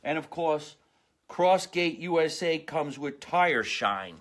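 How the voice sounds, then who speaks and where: A man's voice: on the high side, animated, slow pace, fairly bright tone. A man hosting a comedy podcast from a home basement, rambling through sponsor plugs and stories in a chatty, salesman-like way.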